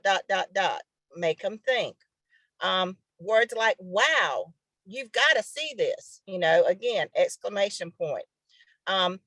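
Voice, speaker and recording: A woman's voice: medium pitch, no room sound. Woman coaching sales, dry close sound. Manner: informal, coaching tone with fillers. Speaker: sales trainer. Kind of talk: online training talk.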